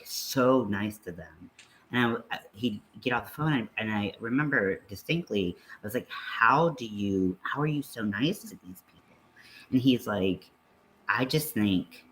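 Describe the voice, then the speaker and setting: A man's voice: medium pitch, fairly bright tone, a little hiss or hum. A man co-hosting a livestream who chats casually, swears and laughs while telling stories. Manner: loose, swearing, laughing storyteller. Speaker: livestream co-host. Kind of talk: casual chat.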